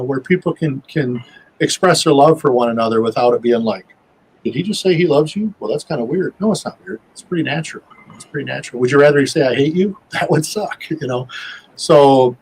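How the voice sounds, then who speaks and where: A man's voice: mid-range voice, darkish tone, slightly rough, low-quality recording. A man talking as a guest on a show, in a folksy, rambling way with many fillers and restarts. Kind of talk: casual chat.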